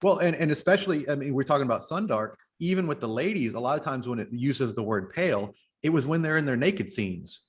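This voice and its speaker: A man co-hosting a podcast, making his argument in a measured way with some hesitant fillers. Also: medium pitch, animated. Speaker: podcast co-host. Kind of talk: casual review discussion.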